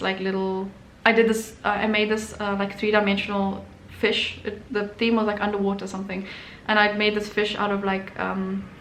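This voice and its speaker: A young woman artist tells a personal story casually, in a middle-pitched voice full of fillers and restarts. The room is echoey, and a faint noise hums behind her. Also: fairly bright tone. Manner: chatty, many fillers and restarts, emotional. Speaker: artist and channel host.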